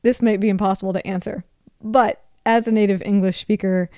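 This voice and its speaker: A woman's voice: medium pitch, fairly even intonation, a little fast, warm tone, no room sound, clean studio sound. A woman co-hosting a podcast, asking curious, probing questions in casual conversation. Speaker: podcast co-host.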